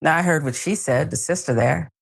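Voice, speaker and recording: A woman's voice: sits low, fairly quick, creaky. A woman hosting a news talk show, giving wry, sarcastic commentary.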